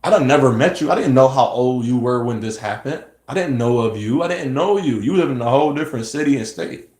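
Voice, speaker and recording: A man's voice: mid-range voice, animated, brisk, darkish tone, roomy sound. A man giving a rambling, earnest personal monologue, preaching about hate, self-reflection and staying positive. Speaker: vlogger.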